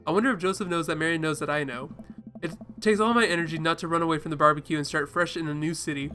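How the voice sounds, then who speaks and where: A man's voice: a little high, very fast, bright, forceful tone. A man streaming a dating game, reading the narration aloud and making joking, self-deprecating remarks. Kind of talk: let's play reading and commentary.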